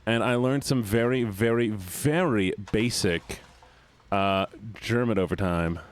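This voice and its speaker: A man streaming a game and chatting casually with viewers, animated and self-mocking, thinking aloud as he plays. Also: lowish voice, measured pace, clean tone. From United States. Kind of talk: casual gameplay chat with viewers.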